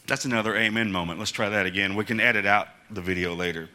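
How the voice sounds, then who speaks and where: A man's voice: fairly low pitch, animated, normal speed, pushed and bright. A man preaching a casual, conversational sermon as pastor, chuckling between points and acting out the quotes in his story.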